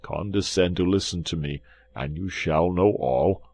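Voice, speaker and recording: A man's voice: low voice, unhurried, a little mellow. A man voicing a frightened innkeeper who pleads in a trembling, pitiable voice. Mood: anxious.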